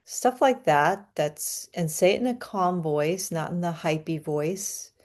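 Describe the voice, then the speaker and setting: Calm woman leading breathwork, low voice, takes her time. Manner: calm, soothing, unhurried. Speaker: astrology reader. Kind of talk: guided breathing and astrology talk.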